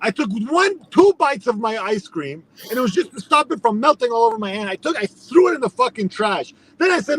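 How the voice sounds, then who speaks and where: A man's voice: very high voice, sing-song, a little fast, hardly any pauses, fairly bright tone, slightly rough. A man from Iran telling a story in casual chat on a stream, ranting and swearing as he goes.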